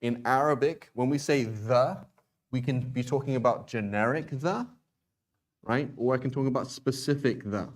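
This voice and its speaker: A man teaching a beginners' language class in an unhurried, conversational way. He restarts his sentences often and keeps checking in with the students. His pitch sits in the middle of the range. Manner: explains with many restarts and "right?" checks. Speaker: Arabic teacher. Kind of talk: classroom lesson.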